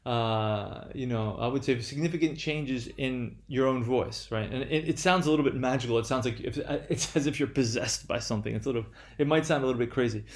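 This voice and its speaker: A man's voice: medium pitch, darkish tone. Hesitant man lecturing. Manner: hesitant, many fillers and restarts; switches between French and English.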